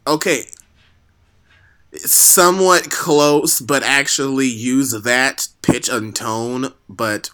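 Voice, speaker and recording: Teasing man with a bright voice. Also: mid-range voice, drawn-out words. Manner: teasing, deadpan interjections. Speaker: co-reader. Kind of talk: casual banter.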